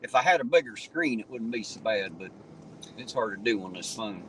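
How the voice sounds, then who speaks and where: A man's voice: fairly low pitch, expressive, fairly quick, bright, forceful tone, distant mic, slight background noise. A man hosting a livestream from his car, chatting casually and cursing freely, from Ohio. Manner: cursing, rambling, chuckling. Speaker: auditor livestream host. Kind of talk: casual chat while driving. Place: inside a car at night.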